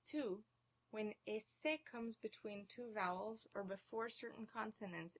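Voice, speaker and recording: A woman giving a recorded beginner language lesson, speaking clearly and slowing down to model each example word. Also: medium pitch, steady tone. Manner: clear, measured teaching delivery, slowing for model words. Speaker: language teacher.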